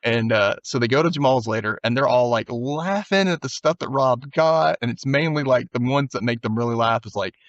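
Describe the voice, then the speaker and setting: A man's voice: mid-range voice, a little fast, hardly any pauses, dry recording, dull audio. A man hosting a podcast, casually recapping an episode and acting out characters' lines as he goes. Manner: animated retelling, often acting out characters' lines. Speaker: podcast host.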